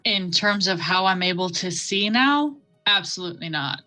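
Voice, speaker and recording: A woman playing a tabletop game, speaking slowly and deliberately. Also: on the low side, animated, bright, forceful tone, faint music behind, rough recording. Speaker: player. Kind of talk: casual play.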